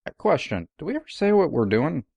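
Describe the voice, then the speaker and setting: A male podcast co-host in a relaxed chat, ribbing his friend with dry quips. His pitch moves around a lot. The recording is close and dry. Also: brisk, creaky, slightly rough, no echo. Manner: teasing, dry wisecracks.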